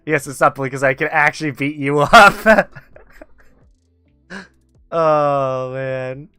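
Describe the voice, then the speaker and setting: A man's voice: on the high side, takes it slowly, bright, forceful tone, clear, resonant tone, dry recording. A man hosting a casual talk show, teasing his guest and laughing often. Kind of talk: casual chat. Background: faint background music.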